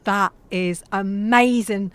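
A woman's voice: medium pitch, fairly even intonation, takes it slowly, fairly bright tone, dry recording. A woman playing a muddled, chatty mother in an audio comedy sketch, cheerfully getting words wrong. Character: muddled chatty mum, middle-aged woman.

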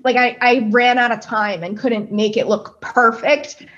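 A woman in her twenties from New Jersey, telling an excited story in casual chat, swearing freely and acting out quotes. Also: a little high, unhurried, lo-fi sound. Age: 20s. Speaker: guest pastry chef.

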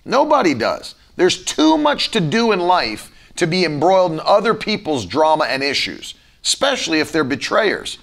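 A man's voice: a little high, wildly swooping pitch, normal speed, gravelly, few pauses, fairly bright tone. A man preaching a conversational sermon, acting out his own irritated thoughts as he goes. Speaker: pastor.

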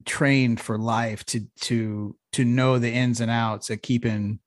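A man's voice: mid-range voice, steady tone, slow, no room sound, studio quality. Rambling, swearing male podcast co-host. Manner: rambling storyteller, heavy swearing, says "bro". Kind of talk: casual profane banter.

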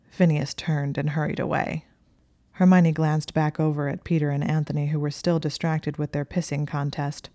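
A woman reading a story aloud in a steady, even storytelling manner. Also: low voice, moderate pace, no echo, clean studio sound. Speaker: audiobook reader. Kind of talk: reading fan fiction aloud.

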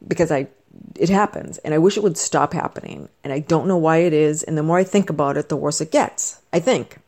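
A woman's voice: low-pitched, fairly quick, a little mellow. A middle-aged woman talking to camera in a casual, rambling monologue, chatty and self-deprecating with wandering asides. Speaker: vlogger.

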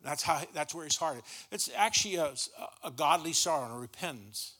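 A man's voice: fairly high pitch, expressive, brisk, bright, forceful tone, husky. A middle-aged man preaching a sermon in a church, folksy and stumbling over repeated words as he starts his sentences. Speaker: guest pastor.

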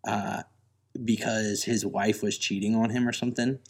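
A man's voice: on the low side, little pitch movement. A man in casual chat who asks questions and cracks jokes while a friend tells a story. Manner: curious, jokey, quick reactions. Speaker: podcast co-host listening.

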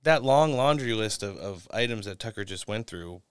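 Smooth-voiced male talk show host. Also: lowish voice, expressive, normal speed, no echo, clean studio sound. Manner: loose, profane, offhand. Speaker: podcast host. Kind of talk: casual talk show chat.

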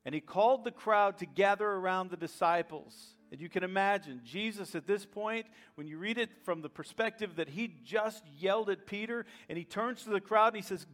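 A man preaching a sermon as pastor, rising to loud emphatic passages with dramatic pauses. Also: sits high, faint music behind.

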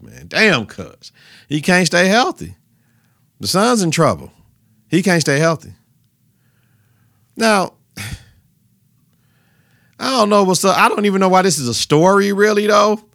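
Gravelly, profane sports-podcast man. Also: fairly high pitch, no room sound, studio quality. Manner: profane, animated, repetitive trash talk. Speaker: podcast host. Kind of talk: casual sports talk.

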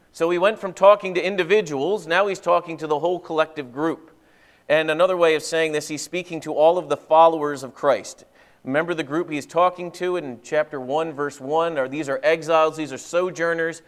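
Male pastor giving a sermon, chatty and earnest, clear smooth voice, kinda high. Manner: earnest, conversational preaching with folksy asides.

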